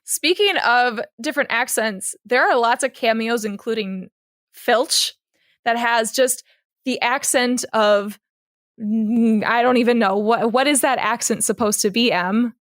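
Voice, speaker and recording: A woman hosting a podcast in casual chat, quick to laugh and asking questions. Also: fairly high pitch, fairly bright tone, no echo, studio quality. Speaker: podcast host.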